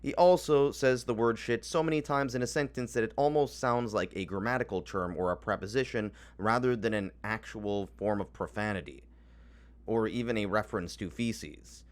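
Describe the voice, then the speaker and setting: Deadpan sarcastic male narrator. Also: on the low side, moderate pace. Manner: deadpan mocking, dry sarcasm. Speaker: commentary narrator. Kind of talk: scripted sarcastic commentary narration.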